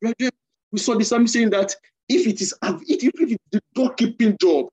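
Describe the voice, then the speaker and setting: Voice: medium pitch, moderate pace, darkish tone, breathy edge. A preacher giving a sermon, exhorting the listeners in a repetitive, emphatic way.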